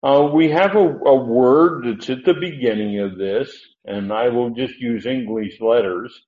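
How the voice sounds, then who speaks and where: A man's voice: medium pitch, a little mellow. A man teaching scripture in a loose, conversational way, drifting and backing up to correct himself as he goes. His voice sits in a middling register. The recording is muffled and lo-fi, with a strong room echo around him. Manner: rambling, self-correcting, thinks aloud. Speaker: Bible teacher. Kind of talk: informal Bible teaching. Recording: echoey, dull lo-fi room recording.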